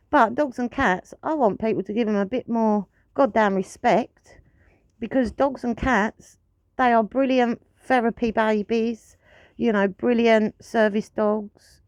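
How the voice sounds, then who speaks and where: A woman's voice: on the high side, no room sound, dull audio. A woman ranting to camera in a blunt, frustrated way, swearing freely. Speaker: pet owner vlogger.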